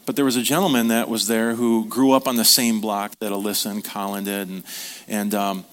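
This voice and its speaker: A man's voice: lowish voice, flat delivery, a little fast. A middle-aged man preaching a sermon as a pastor, in a conversational, joking way, asking the congregation questions.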